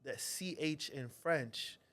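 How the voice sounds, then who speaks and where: A man's voice: fairly high pitch, slow pace, a bit bright. A man hosting a casual interview who asks curious, friendly questions. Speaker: host.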